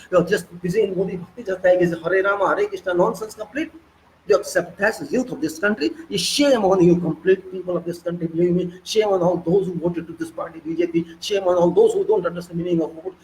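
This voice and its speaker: His voice sits high, and the poor audio carries slight background noise. A political commentator with an Indian accent, he rants with excitable passion and keeps stressing points by repeating them.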